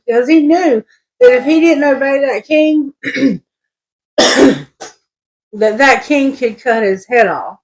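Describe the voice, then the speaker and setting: A woman's voice: high voice, a little mellow, low-quality recording. A woman tarot reader reading scripture aloud and musing on it in a loose, rambling way, often restarting her sentences. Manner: slow, rambling, self-correcting. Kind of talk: casual spiritual reading.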